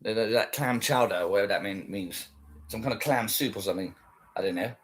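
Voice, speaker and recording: A man's voice: on the low side, brisk. A man chatting casually on a livestream, rambling and swearing while he answers viewers. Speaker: livestream host.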